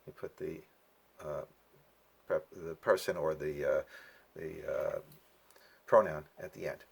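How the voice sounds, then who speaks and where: Husky low-voiced man explaining a lesson. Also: normal speed. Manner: relaxed explaining with frequent fillers. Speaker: language teacher. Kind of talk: casual lesson walkthrough.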